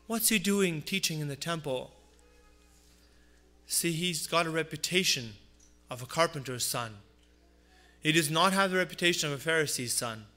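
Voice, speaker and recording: A man preaching a Christmas sermon, earnest and repeating phrases for emphasis, dropping low on his asides. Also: normal speed, long pauses, sharp tone. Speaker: pastor.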